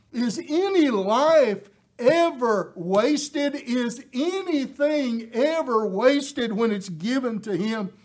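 High-voiced, slow, impassioned male preacher. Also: darkish tone. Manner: impassioned, rising to emphatic peaks; folksy asides with filler words. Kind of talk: sermon.

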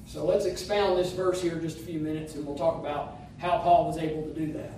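A man's voice: on the high side, steady tone, a little fast, mellow, a little hiss or hum. A man preaching a sermon, his delivery emphatic, with rising phrases that slip into half-singing. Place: church sanctuary. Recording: distant mic in an echoey room.

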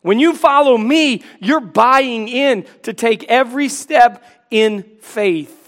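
Guy preaching, fairly high voice, earnest, pleading tone, acts out little back-and-forths. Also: slow pace, fairly bright tone. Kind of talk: sermon.

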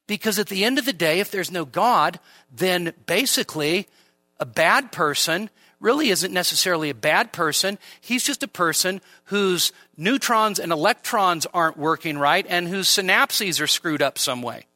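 A man preaching an expository sermon at a midweek church service, lively and conversational, with frequent rhetorical questions. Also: sits high, moderate pace. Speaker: pastor.

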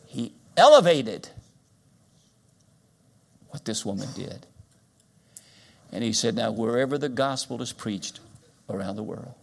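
An older man preaching a sermon, moving from quiet storytelling to loud, drawn-out emphasis. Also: lowish voice, gravelly, husky. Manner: dynamic preaching, swings loud and soft. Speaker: guest preacher.

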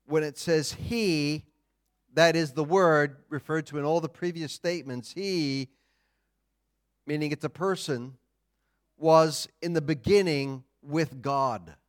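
A man preaching a sermon, teaching in a deliberate, emphatic way with pauses. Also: on the high side. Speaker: pastor.

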